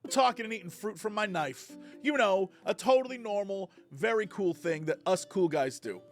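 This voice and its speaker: A man's voice: high voice, a bit bright. A man giving casual reaction commentary, sarcastic and incredulous.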